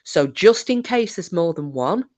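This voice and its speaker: A woman's voice: lowish voice, expressive, unhurried, darkish tone. Woman voicing a blunt, commanding man. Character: gruff British man leading a hunt.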